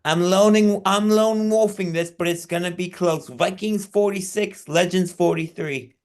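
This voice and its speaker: A man with a high voice co-hosts a casual football talk show. He gives his prediction in a lighthearted way. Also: unhurried. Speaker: co-host. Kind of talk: casual sports chat.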